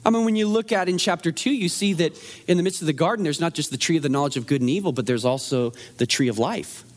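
A man preaching a sermon in a conversational, animated way, asking the room rhetorical questions. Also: on the high side, fast. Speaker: pastor.

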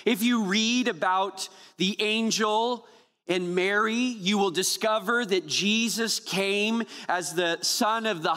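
A man's voice: high voice, sharp tone, big-room sound. A man preaching a Christmas Eve sermon as pastor, praying earnestly and then telling playful, humorous stories to the congregation. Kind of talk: sermon with opening prayer.

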